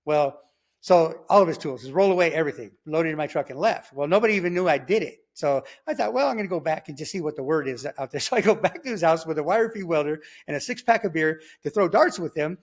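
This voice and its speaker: A man casually telling his own story in slangy talk, acting out sounds like gunshots as he goes. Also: fast talker. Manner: animated, slangy, acts out sounds like "boom" and "pow". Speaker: guest telling his testimony.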